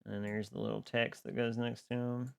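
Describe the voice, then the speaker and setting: A live streamer on a boom mic, chatting casually with viewers, greeting them by name and laughing often. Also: flat delivery, moderate pace, gravelly, clean tone.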